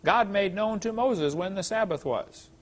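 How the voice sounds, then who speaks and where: A man's voice: high voice, measured pace, a little hiss or hum. A middle-aged man teaching a creation science class, lecturing in a folksy, emphatic way and reading scripture aloud.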